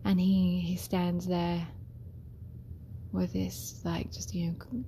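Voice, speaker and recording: A woman's voice: on the low side, monotone, slow, mellow, a little hiss or hum. Chatty woman care worker, storyteller, laughs a lot, drops to whispery asides. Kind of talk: casual storytelling.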